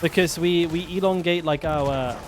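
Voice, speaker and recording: A man from southwest England with a mild West Country accent, chatting casually while live-streaming a game, relaxed and sweary, often trailing off mid-sentence. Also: on the high side, moderate pace, noisy background. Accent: mild West Country English.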